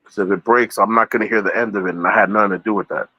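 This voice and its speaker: A man's voice: on the low side, steady tone, rapid-fire, bright, forceful tone, highs cut off, a little hiss or hum. A man chatting casually as a podcast guest, rambling and repeating himself, with easy laughter as he talks. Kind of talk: casual chat.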